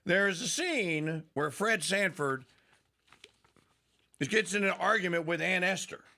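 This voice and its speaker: A man's voice: sits high, animated, measured pace, gravelly, bright, forceful tone. A middle-aged man hosting a radio talk show, rambling, laughing and slipping into mock voices.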